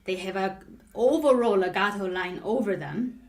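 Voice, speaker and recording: A woman's voice: medium pitch, moderate pace, slight background noise. Patient woman piano teacher, echoey room. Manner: patient explaining, tags nearly every phrase with "right?". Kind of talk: live online piano lesson.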